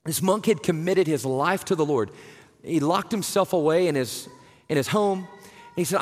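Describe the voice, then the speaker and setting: A male pastor with a fairly high-pitched voice preaches a conversational, earnest sermon at normal speed, often saying "right?" and "man." The church sanctuary gives the recording a long hall reverb.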